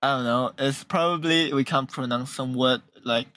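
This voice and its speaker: A man's voice: mid-range voice, sharp tone. A man co-hosting a casual podcast over a voice call on a close mic, laughing often and restarting his sentences. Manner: laughs a lot, halting restarts. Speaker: podcast co-host. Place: online voice call. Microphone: close mic he keeps hitting.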